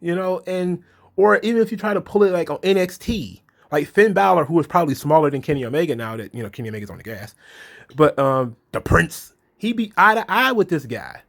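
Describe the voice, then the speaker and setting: A man's voice: a little high, big pitch swings, fairly quick, vocal fry, fairly bright tone. A man hosting a casual solo commentary, blunt and exasperated, swearing freely and acting out quotes. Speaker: wrestling commentary host.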